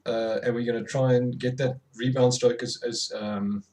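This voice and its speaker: A man's voice: mid-range voice, fairly even intonation, moderate pace, a little mellow. A man teaching drumming, counting rhythms aloud and correcting himself as he goes, with many fillers. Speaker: drum tutor. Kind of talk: instructional demonstration.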